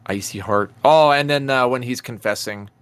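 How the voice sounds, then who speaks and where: A man's voice: mid-range voice, normal speed, clean tone, no room sound. Young guy, rowdy podcast co-host, dry close mic. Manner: animated, swears a lot, acts out scenes. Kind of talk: casual chat.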